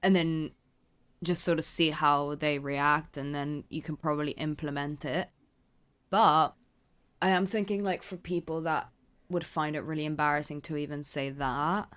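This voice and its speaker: A woman's voice: low voice, normal speed. A woman co-hosting a podcast, chatting casually and loosely, with lots of "like" and "sort of". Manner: relaxed, filler-heavy, says "like" and "sort of" often. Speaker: podcast co-host. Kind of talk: casual chat.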